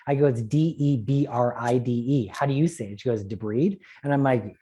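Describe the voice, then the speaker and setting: A man lecturing on eye treatments at a conference, animated and joking, with quick asides. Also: medium pitch, slightly rough. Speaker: optometrist lecturer.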